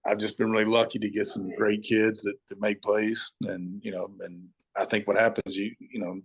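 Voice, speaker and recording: A middle-aged man, a high school football coach, telling stories as an interview guest and acting out his own shouting at the TV. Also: normal speed, breathy edge. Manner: animated storyteller, acts out shouting at the TV.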